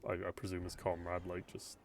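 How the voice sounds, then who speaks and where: A man running a tabletop role-playing game for friends, laughing often and narrating in a relaxed way. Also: low voice, brisk, crowd noise. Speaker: game master.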